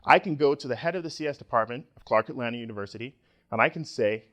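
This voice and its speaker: A middle-aged man from Nigeria giving a conference talk, joking and animated with the audience. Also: medium pitch, quick pace. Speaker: conference speaker.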